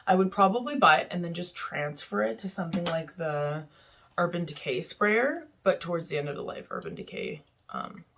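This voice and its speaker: A young woman chatting casually and candidly through a beauty product review, with frequent fillers. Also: fairly low pitch. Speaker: beauty vlogger. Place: home in Vancouver.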